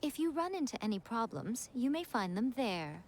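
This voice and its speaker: A woman's voice: fairly high pitch, very animated, normal speed, a little hiss or hum. A sly, elegant teasing lady. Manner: teasing, languid, silky. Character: sly, elegant woman who teases playfully. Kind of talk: video game voice acting.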